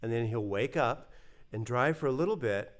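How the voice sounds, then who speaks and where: American guy telling a travel story, lively, acts out everyone's lines, lots of uhs. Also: mid-range voice, moderate pace. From United States. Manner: animated, acts out quoted voices, many fillers. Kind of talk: casual spoken storytelling.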